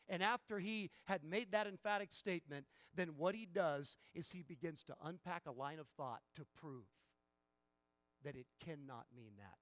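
A man preaching a sermon as a pastor, emphatic, swinging from quiet passages to loud, stressed bursts. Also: fairly high pitch, measured pace, no room sound.

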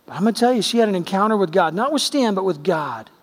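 A man preaches in a conversational, emphatic way, acting out the quotes in his stories. His voice sits high, and it rings with the long reverb of a big church hall. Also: animated, fast. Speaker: pastor. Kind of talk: sermon.

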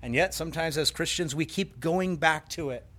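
A male pastor preaching with earnest emphasis, leaning into key words and slowing for effect. His voice sits a little higher than most men's. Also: fairly bright tone. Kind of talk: sermon.

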